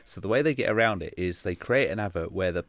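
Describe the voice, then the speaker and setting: A man co-hosting a podcast in casual chat, wry and quick to burst into laughter. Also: sits low, lively intonation, dry recording. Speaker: podcast co-host.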